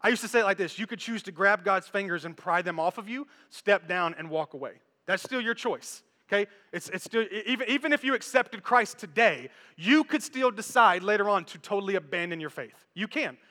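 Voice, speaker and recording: A man preaching a lively, conversational sermon in a church, joking with the congregation and demonstrating on stage. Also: high voice, a little fast, few pauses, big-room sound. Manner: animated, conversational, repeats words, jokes with congregation. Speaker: pastor.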